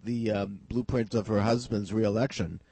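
A male talk radio host with a tired, husky voice, emphatically laying out political predictions in casual chat. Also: fairly low pitch, fairly even intonation, normal speed, mellow, no echo, poor audio.

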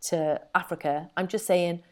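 Brief: middle-aged woman, podcast co-host, chatty storyteller, slightly low voice. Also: normal speed, clean tone. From Wales. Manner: chatty, animated storyteller who laughs often. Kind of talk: casual chat.

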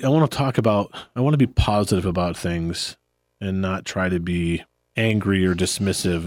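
Low-pitched guy hosting his podcast, laid back and rambly, dry close mic. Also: no echo. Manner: relaxed, rambling, laughs often. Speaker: podcast host. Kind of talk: casual chat.

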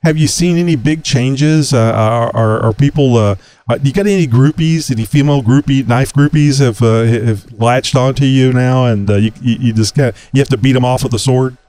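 A man's voice: mid-range voice, normal speed, a little mellow. A man hosting a podcast, chatting casually over a video call, rambling with lots of fillers and restarts and laughing often. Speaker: podcast host.

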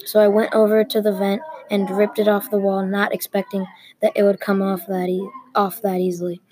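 A woman reading a story aloud at an even, unhurried pace, with small restarts. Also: mid-range voice, low-quality recording. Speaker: story reader.

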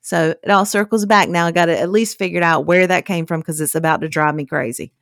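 A woman co-hosting a casual chat podcast, telling animated stories. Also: a little fast, creaky, no room sound, clean studio sound. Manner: animated storyteller, drawling, quotes people in high voices. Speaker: podcast co-host.

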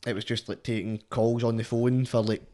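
A man's voice: medium pitch, little pitch movement, a little fast, dark tone. A young man with a Glasgow Scottish accent, rambling and swearing in casual chat, with "mate" after nearly every phrase. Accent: Glaswegian Scottish. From Scotland. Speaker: guest rapper.

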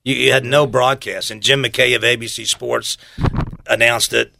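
An older man chatting casually, an animated storyteller who acts out quotes and laughs as he recalls working for a soccer club. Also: mid-range voice, normal speed, vocal fry, background noise. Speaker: former soccer club staff guest. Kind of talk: casual chat.

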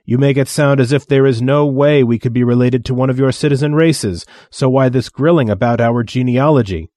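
A man's voice: mid-range voice, brisk, mellow, no echo, studio quality, pitched above the performer's own voice, natural voice. A man voicing a puzzled male crew specialist who questions in a confused way.

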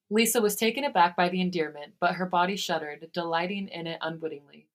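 Reading fan fiction on her podcast, a female host keeps a steady delivery but is prone to bursts of laughter. She speaks fast, with a fairly low pitch.

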